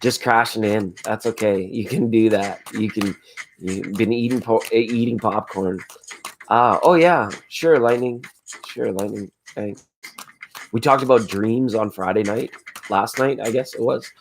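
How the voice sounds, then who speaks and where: Man, hoarse voice, fairly low pitch, relaxed rambling talk, faint background noise. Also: a little slow. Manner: laid-back, rambling, spiritual talk. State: hoarse from screaming at a football game. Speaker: tarot livestream host. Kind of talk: casual late-night chat reading viewer comments.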